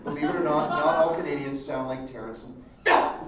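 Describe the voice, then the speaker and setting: A man's voice: a little high, fairly quick, dull audio. Jokey Australian man in echoey hall. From northern Australia. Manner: jokey, animated, laughs often. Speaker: voice actor on convention panel, moderating. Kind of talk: casual joking panel talk. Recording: echoey convention hall, distant mic, loud crowd.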